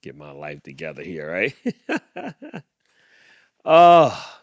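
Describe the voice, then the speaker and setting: A man hosting a podcast, reading a picture book aloud and then talking it through in an animated way with many restarts. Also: fairly low pitch, drawn-out words, no room sound. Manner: animated, repeats and restarts, self-coaching. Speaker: podcast host.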